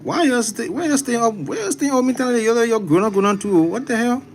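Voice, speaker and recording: A man putting on a shrill, high, scolding voice to tease his viewers for staying up late. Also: lively intonation, fairly quick, a little hiss or hum. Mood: mock scolding. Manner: mock-scolding, teasing.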